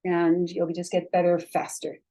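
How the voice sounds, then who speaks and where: A woman's voice: fairly low pitch, monotone, normal speed, dark tone, rough recording. A woman teaching a language lesson, patiently sounding out syllables one at a time and repeating drills.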